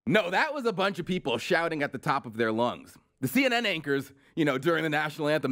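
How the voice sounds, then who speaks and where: A man's voice: fairly high pitch, expressive, fast talker, few pauses, a bit bright. A man hosting political commentary, delivering a sarcastic, mocking comedic rant full of incredulous questions.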